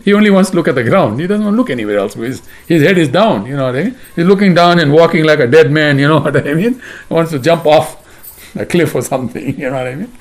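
A man's voice: on the high side, lively intonation, quick pace. A man teaching a devotional scripture class, retelling the story in a chatty way and often asking "right?". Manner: chatty, keeps asking "right?" and "you know what I mean?".

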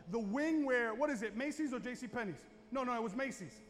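A man's voice: very high-pitched, brisk. A male pastor preaching a dramatic storytelling sermon in a church. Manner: dramatic, animated storyteller who builds to shouting. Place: church sanctuary. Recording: echoey church hall with long reverb.

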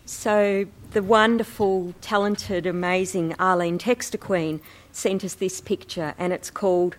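Woman presenter, lowish voice, calm and explanatory, addressing an audience. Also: measured pace. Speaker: presenter, co-editor of a book. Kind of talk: presentation with slides. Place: talk before an audience.

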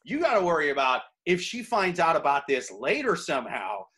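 A man's voice: fairly high pitch, huge pitch swings, brisk, bright, forceful tone. A man co-hosting a podcast, talking in crude, profane, jokey rants. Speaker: podcast co-host. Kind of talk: crude comedic banter.

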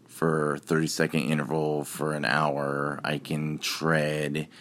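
A man's voice: very deep voice, level tone, takes it slowly, a bit bright. A man hosting a podcast, talking casually through examples step by step. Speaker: podcast host. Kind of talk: casual explanatory chat.

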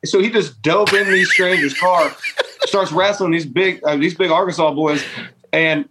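A man's voice: sits high, moderate pace, noisy background. A man in casual chat telling a rambling story and laughing as he goes.

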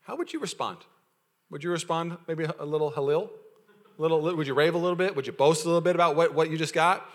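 Male pastor, a touch high-pitched, energetic sermon with congregation call-outs and acted-out anecdotes. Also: fast talker. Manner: energetic, playful preaching with audience call-outs; acts out quoted voices in storytelling.

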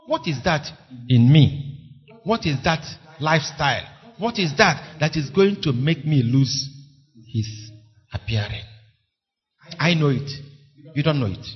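A man's voice: on the high side, animated, measured pace, long pauses, slightly rough. A man preaching a sermon, impassioned and pleading, repeating phrases for emphasis. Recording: dull lo-fi recording.

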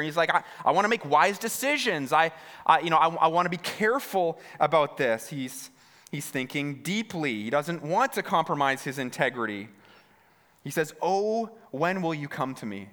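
Pastor preaching in a reverberant hall. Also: male voice, a little high, a bit bright. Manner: repeats words, stammering restarts; talks straight to the congregation with questions. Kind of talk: sermon. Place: church hall.

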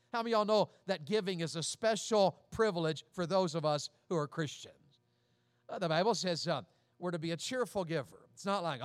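A middle-aged pastor from Tennessee preaches in a high-pitched, folksy voice. He repeats phrases and fires questions at the congregation. The sound is dry and close, with little room echo. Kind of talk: sermon.

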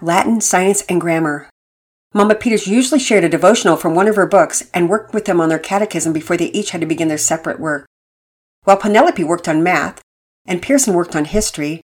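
A woman narrating a children's storybook in a calm, steady reading voice. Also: fairly low pitch, husky.

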